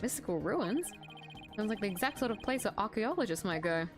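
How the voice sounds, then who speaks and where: A woman's voice: mid-range voice, lively intonation, a little fast, over music, lightly acted. A woman reading the lines of an earnest, slightly nervous young male lawyer in a game.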